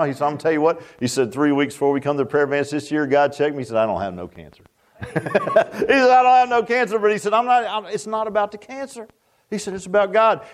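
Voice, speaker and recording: A man delivers a sermon in a folksy, emphatic way. His voice sits somewhat high and rises and drops sharply as he drives his points home. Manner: folksy, emphatic, dramatic swings in pitch. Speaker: preacher.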